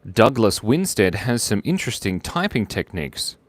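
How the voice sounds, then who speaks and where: A man's voice: fairly low pitch, sing-song, normal speed, no room sound. A man hosting a live drawing stream, chatting casually, joking, laughing often and reading out viewer comments.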